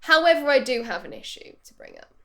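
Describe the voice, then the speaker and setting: A young woman co-hosting a casual comedy podcast, playful, often trailing off softly at the end of a thought. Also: sits high, animated, brisk. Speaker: podcast co-host. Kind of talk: casual chat.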